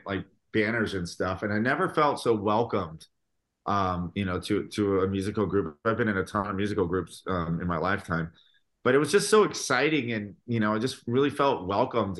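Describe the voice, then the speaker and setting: A man, a guest musician on a podcast, telling stories in an animated, casual way, with lots of filler words. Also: lowish voice. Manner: animated storytelling, full of fillers.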